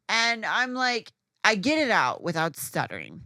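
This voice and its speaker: A woman's voice: mid-range voice, wildly swooping pitch, measured pace, few pauses, sharp tone, no room sound, clean studio sound. A woman guest on a casual podcast, telling a story candidly and animatedly, with plenty of swearing.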